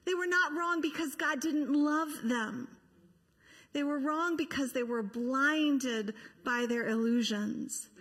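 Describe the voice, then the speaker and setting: A woman's voice: high-pitched, a bit bright, long reverb tail. A woman pastor preaching a sermon to her church, impassioned and rhetorical, with acted-out quotes.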